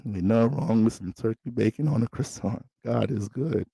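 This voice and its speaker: A man's voice: medium pitch, moderate pace, gravelly, mellow, slightly rough, no room sound, rough recording. A man putting on a mock preacher voice, chanting and preachy. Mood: preaching. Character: mock preacher, grand and churchy.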